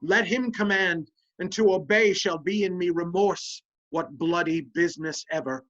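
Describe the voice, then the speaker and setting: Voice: mid-range voice, moderate pace, fairly bright tone, close to an everyday voice. Actor playing a cunning scheming officer, insinuating stage delivery, amateur Shakespeare reading, muffled lo-fi sound. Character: scheming male officer Iago, cunning and sly.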